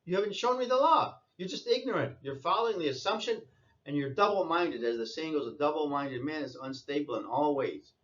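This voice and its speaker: A man's voice: on the high side, expressive, fairly quick, a bit bright, dull audio. A man giving an insistent lecturing monologue, repeating his points and scolding listeners. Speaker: commentator.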